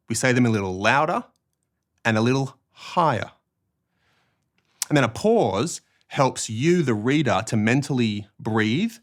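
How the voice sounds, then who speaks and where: A man with an Australian accent giving a measured, clearly phrased instructional talk on reading aloud in church. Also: medium pitch. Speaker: church ministry trainer.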